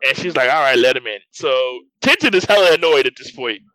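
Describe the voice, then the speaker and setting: A man's voice: mid-range voice, lively intonation, a little fast, pushed and bright, no echo, low-quality recording. A man co-hosting a casual show recap, retelling scenes and quoting characters in slang. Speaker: podcast co-host.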